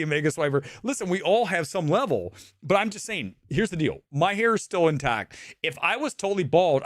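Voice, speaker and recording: A middle-aged man rants bluntly and profanely as he hosts a live movie-talk stream. His voice sits a little high and swings widely in pitch. The sound is dry and close. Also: no echo. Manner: blunt, profane, animated ranting. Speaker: host.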